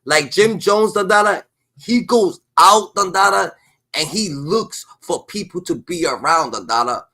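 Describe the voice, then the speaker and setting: A man's voice: sits high, lively intonation, measured pace, sharp tone. A man delivering a heated, profane rant as commentary, repeating a filler tag between phrases.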